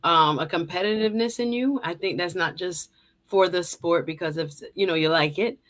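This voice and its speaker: A woman's voice: lowish voice, normal speed, a bit bright. A woman hosting an interview, reflecting back on her guest's story in an encouraging, thoughtful way. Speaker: host. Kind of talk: casual interview.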